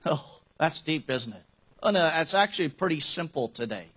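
High-voiced man preaching a sermon. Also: expressive, moderate pace, a bit bright. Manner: conversational, emphatic preaching with rhetorical questions. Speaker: pastor.

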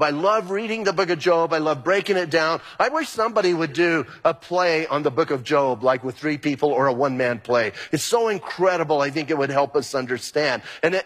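A man preaching a sermon as pastor, animated and acting out quoted exchanges. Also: high-pitched. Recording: long reverb of a hall.

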